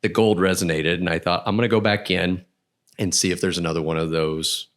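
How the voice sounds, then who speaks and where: A man's voice: low voice, fairly even intonation, fairly quick. A man hosting a podcast, telling a story in casual chat and laughing as he goes. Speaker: podcast host.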